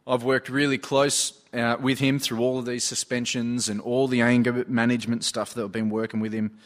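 A man earnestly preaches a sermon, telling stories from his own work and retelling what people said to him. He has a mid-range voice, a level tone, and a moderate pace.

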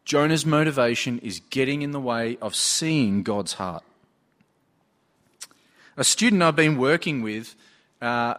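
A man's voice: mid-range voice, fairly bright tone. A man preaching a sermon, earnestly telling stories from his own work and retelling what people said. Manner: earnest, storytelling with retold dialogue.

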